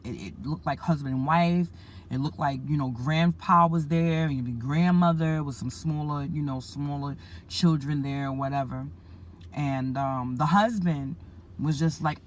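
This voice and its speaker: A woman's voice: sits low, moderate pace, a little mellow. A woman preacher earnestly retelling a dream to her listeners, repeating herself and calling them family. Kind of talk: spoken religious message.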